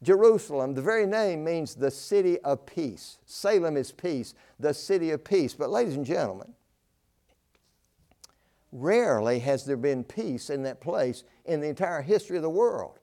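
An older man preaching a fervent sermon, swinging between loud declaring and low, slow emphasis. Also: expressive.

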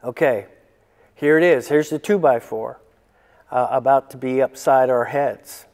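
A man's voice: medium pitch, measured pace, a little mellow. A male pastor preaching a sermon, reading scripture and joking in conversational asides. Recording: long reverb in a hall.

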